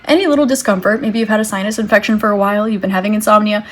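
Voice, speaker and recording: A woman giving a tarot reading to her viewers, speaking in a gentle, reassuring way and thinking aloud as she draws cards. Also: mid-range voice, steady tone, racing. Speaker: tarot reader.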